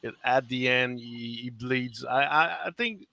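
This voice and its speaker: A man in a band, interviewed over a video call, halting with many uhs and laughing often. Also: medium pitch, vocal fry, pushed and bright, no echo. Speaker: band member and lyricist. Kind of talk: casual interview chat.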